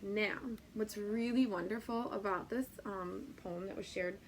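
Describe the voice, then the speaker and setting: Creaky-voiced woman teacher, chatty. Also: mid-range voice, steady tone, unhurried, a little hiss or hum. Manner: chatty, many ums, playful sing-song when reciting. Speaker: Spanish teacher. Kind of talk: teacher training talk.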